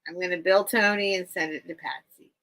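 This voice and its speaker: A woman's voice: on the low side, steady tone, fairly quick, fairly bright tone, poor audio. A woman hosting a live vintage sale stream, chatting casually with viewers and her cat and getting easily sidetracked. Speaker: live sale host selling vintage items.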